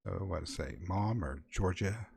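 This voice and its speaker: Low-voiced man running a horror game. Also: lively intonation, moderate pace, creaky, darkish tone, husky. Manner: wry, improvised narration with playful asides. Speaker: game master. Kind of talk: narrating a tabletop horror game.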